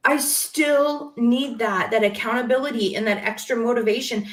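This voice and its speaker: A woman talking as a podcast guest in casual conversation, emotional and animated, quick to laugh. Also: a little high, roomy sound, low-quality recording.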